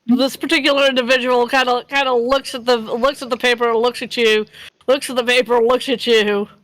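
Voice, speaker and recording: A woman's voice: a little high, fairly even intonation, brisk, fairly bright tone, dry recording, rough recording. A woman running a tabletop game as game master on a live stream, rambling and giggly, correcting herself as she goes. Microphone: streaming microphone.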